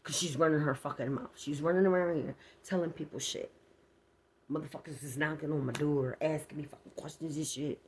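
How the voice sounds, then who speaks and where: A woman's voice: low voice, fairly even intonation, fairly quick, slight background noise. A woman telling a personal story to her viewers in a casual storytime vlog, blunt and heavily profane, addressing them directly and acting out sounds as she goes. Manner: vivid retelling with sound effects. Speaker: storyteller vlogger.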